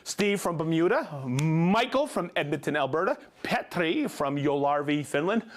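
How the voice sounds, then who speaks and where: A male host on a live stream runs through viewer shout-outs with plenty of energy. His voice sits high and swings widely in pitch, and he sounds excited throughout. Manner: upbeat, excited, calls out viewer names. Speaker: livestream host.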